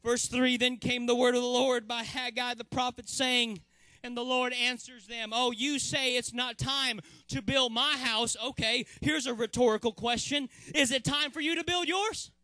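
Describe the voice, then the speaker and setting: A man preaching a sermon, filling pauses with "uh" and swelling to shouted emphasis. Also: extremely high pitch, steady tone, no room sound.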